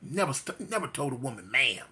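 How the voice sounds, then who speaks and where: A man's voice: on the high side, lively intonation, unhurried, pushed and bright. A man telling his personal testimony, speaking emphatically and repeating phrases for weight. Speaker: guest telling his life story.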